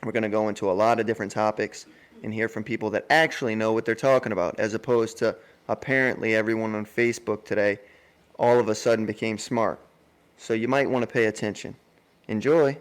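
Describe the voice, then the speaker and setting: Low-voiced American guy hosting a podcast, jokey ad reads, halting explanations. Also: fairly even intonation. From United States. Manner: joking, with loose, halting explanations. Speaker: podcast co-host. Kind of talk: casual podcast chat and ad reads.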